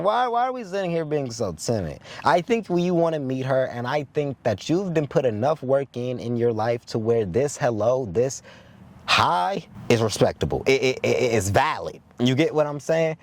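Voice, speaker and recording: A man's voice: mid-range voice, normal speed. A young man hosting his own show, telling a story in a loose, profane, casual way, with restarts and frequent "you get what I'm saying?" checks. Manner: loose, profane, with repeated filler questions; animated, stumbling restarts when excited. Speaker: host.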